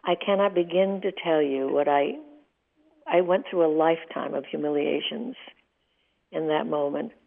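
An older woman in her eighties tells emotional stories vividly in a candid interview. Her voice sits low and has a gravelly edge. It comes through a thin, tinny phone line. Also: steady tone, normal speed. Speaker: interview guest.

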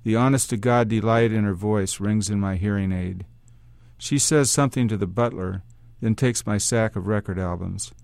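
A man reading a first-person story aloud, with a wry, hard-boiled delivery. His voice sits on the lower side, and the recording is dry and close. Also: moderate pace, gravelly, a little mellow, no echo. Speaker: story reader.

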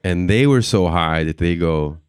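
A man's voice: deep voice, a little slow, clear, resonant tone, some chatter behind. A young man doing stand-up comedy, telling a long story and acting out the voices of the people in it. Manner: animated, acts out voices and reactions.

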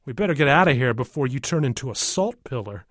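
A man's voice: medium pitch, expressive, quick pace, fairly bright tone, no room sound, clean studio sound. A man voicing a bossy, teasing older boy cousin.

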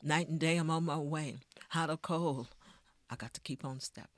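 A woman storyteller voicing a determined man who quietly chants a rhythmic rhyme to himself. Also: sits low, moderate pace, no room sound, lightly acted.

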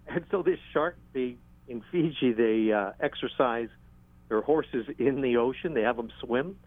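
A man being interviewed about documenting sharks, telling stories at an unhurried, halting pace with dry humor. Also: medium pitch, no room sound. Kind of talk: conversational interview storytelling. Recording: tinny phone-line sound.

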